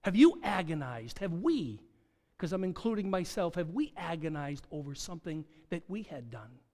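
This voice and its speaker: A man's voice: a little high, sing-song, moderate pace, a little mellow. A man preaching a sermon, dramatic, asking rhetorical questions and acting out quoted dialogue. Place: church sanctuary. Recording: long hall reverb.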